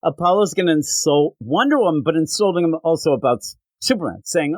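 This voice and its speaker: A man co-hosting a podcast, excitedly recapping a comic book scene in casual chat. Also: on the high side, fast, few pauses, dry recording, poor audio. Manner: excited, animated recapping with quoted lines. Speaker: podcast co-host.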